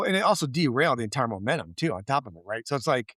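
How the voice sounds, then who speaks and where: A man's voice: medium pitch, fast talker, few pauses, no room sound. A man co-hosting a podcast in casual chat, telling stories with lots of swearing and acted-out quotes. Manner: animated storyteller, swears freely, acts out quotes. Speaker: podcast co-host.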